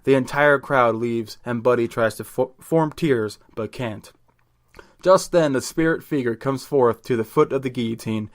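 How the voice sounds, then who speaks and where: A man's voice: mid-range voice, normal speed. A man hosting a podcast, narrating a comedy story casually, laughing often and swearing. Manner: laughs often, crude jokes.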